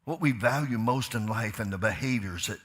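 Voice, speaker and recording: Fired-up pastor with a bright voice. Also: male voice, medium pitch, a little fast. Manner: swings from quiet asides to loud, fired-up preaching; asks the crowd questions, repeats lines for emphasis. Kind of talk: sermon. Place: church sanctuary.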